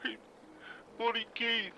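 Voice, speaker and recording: A man, speaking in character on a phone call in a game roleplay, excited and emphatic, swearing often. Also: very high-pitched, slow, vocal fry. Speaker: roleplay player. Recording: dull lo-fi phone-style audio with music.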